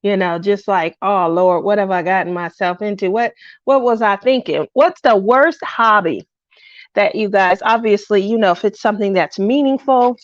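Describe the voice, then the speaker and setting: A middle-aged woman hosts a craft livestream, rambling casually while she greets viewers by name, her mood low and lonely. The recording is dry and lo-fi.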